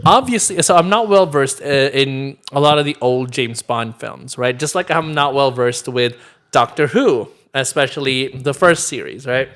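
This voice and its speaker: A man's voice: medium pitch, fairly bright tone. Male podcast co-host, casual and rambling, laughs easily. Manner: rambling, heavy with fillers, quick to laugh. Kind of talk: casual chat.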